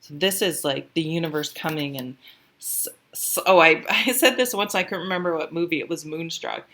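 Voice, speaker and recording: A woman's voice: low voice, normal speed, a bit bright. A woman giving a casual tarot reading to camera, chatty and rambling, getting emotional at times and swearing freely. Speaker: tarot reader.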